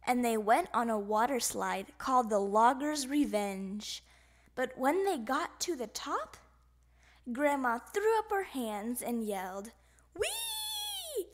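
A woman reads a children's picture book aloud, slowly and expressively. Her voice is high and lively. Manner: animated, expressive. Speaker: storybook reader. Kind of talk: children's storybook read-aloud.

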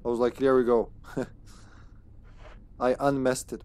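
A man's voice: medium pitch, fairly even intonation, normal speed, long pauses, darkish tone. A man streaming a horror game live, chatting casually and rambling, laughing often between remarks. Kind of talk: casual gameplay commentary.

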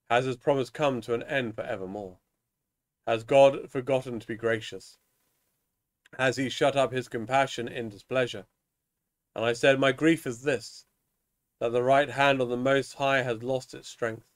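A man leading evening prayer, reading psalms and scripture in a measured, solemn way, now and then tripping over a word. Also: medium pitch.

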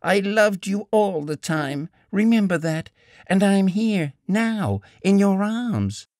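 A pleading young woman with a soft, tearful, emotional voice, as a male audiobook narrator puts her on, pitched well above his natural range. She talks in a breathy, hurt way, and the studio sound is dry and close. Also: animated, slow pace, no echo. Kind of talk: audiobook character reading.

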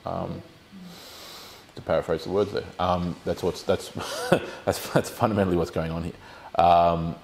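A man's voice: deep voice, steady tone, unhurried, vocal fry, a little mellow, slight background noise. A man leading a Bible study, explaining the text and putting questions to his group.

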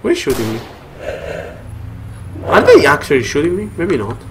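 A man's voice: a little high, huge pitch swings, moderate pace, very noisy. A man giving let's play commentary, frustrated and muttering to himself as he plays, often swearing. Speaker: gamer.

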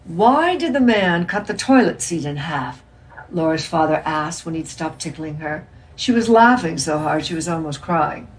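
A woman reading a literary novel aloud in a measured storytelling manner. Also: on the low side, distant mic, low-quality recording. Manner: measured storytelling, voicing characters' lines. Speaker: reader.

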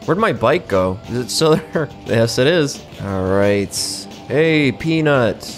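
A man's voice: medium pitch, big pitch swings, a little slow, soft background music. A young man giving casual, sarcastic gameplay commentary, swearing freely and chuckling to himself.

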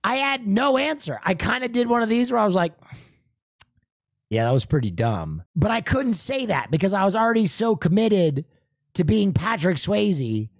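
A man's voice: high voice, lively intonation, moderate pace, creaky, no room sound, studio quality. A man streaming, telling a story in casual chat, self-mocking and swearing often.

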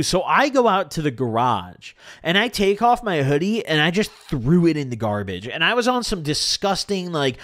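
A young man with a slightly high voice tells a story in a loose, rambling way, full of swearing and second thoughts. The sound is close and dry. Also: fairly bright tone, dry recording. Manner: rambling, profane, self-correcting. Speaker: storytelling streamer. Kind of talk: casual storytime.

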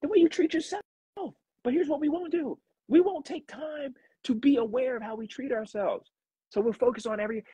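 A man hosting a motivational live talk, repeating his points and climbing to emphatic highs before dropping back to a low, steady tone. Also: fairly quick, husky, no echo, poor audio. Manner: preachy, repetitive, rising to emphatic highs. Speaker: live stream host.

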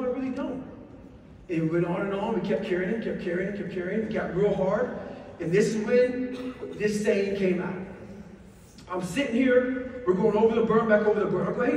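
A man with a high-set voice delivers blunt motivational stories full of swearing, pressing every point with intensity. He sounds distant from the microphone, and his words ring through a large, echoing hall with a faint hiss underneath. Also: darkish tone. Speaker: guest speaker. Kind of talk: profane motivational storytelling. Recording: echoey hall, distant mic, faint noise.

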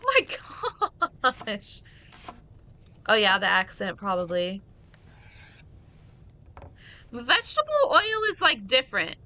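Bright, lively woman streamer. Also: on the high side, measured pace. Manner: playful, chatty, reacts to the game out loud. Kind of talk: let's-play commentary.

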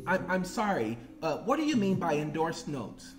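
A man voicing a flustered phone clerk who gets shrill and dismissive on a call. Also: sing-song, normal speed, roomy sound, music in the background.

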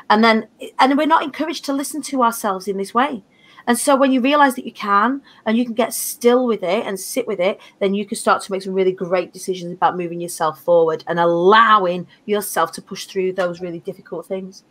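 A woman's voice: medium pitch, brisk, fairly bright tone. A woman, a guest on a panel, talking earnestly and expressively, with blunt slang. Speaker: panel guest, foundation founder. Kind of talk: motivational panel talk.

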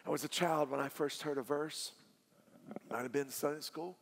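Southern pastor with a high voice, preaching in a reverberant hall, hushed storytelling that swells to loud emphatic peaks. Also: male voice, fairly even intonation, normal speed, husky. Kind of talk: sermon. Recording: long hall reverb with faint music.

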